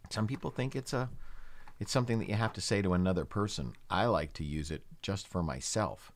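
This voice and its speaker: A man minister giving a calm, reflective spiritual talk, speaking slowly with gentle pauses and leading his listeners in prayer. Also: deep voice. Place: in the United States.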